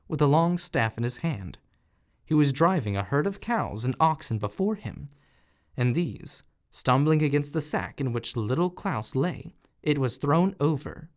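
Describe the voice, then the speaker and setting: A man narrating a fairy tale audiobook in an expressive, animated reading style. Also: mid-range voice, a little slow. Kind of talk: storybook narration.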